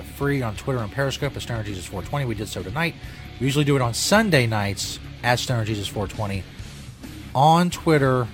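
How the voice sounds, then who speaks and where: A man with a mid-pitched voice hosts a casual radio show, loose and profane as he plugs links. Faint music plays behind him. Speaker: host.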